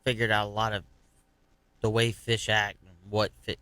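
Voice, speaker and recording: A man from Florida who works as a fishing guide sits in as a podcast guest. His voice is lowish but bright and forceful, recorded close and dry. He talks in a laid-back, casual way. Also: completely flat delivery, normal speed, clear, resonant tone, dry recording. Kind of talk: casual chat.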